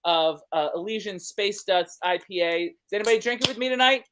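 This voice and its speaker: A man's voice: sits high, fairly quick, noisy background. A man hosting a film review show, chatty and upbeat with a joking manner. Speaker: host. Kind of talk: casual podcast chat.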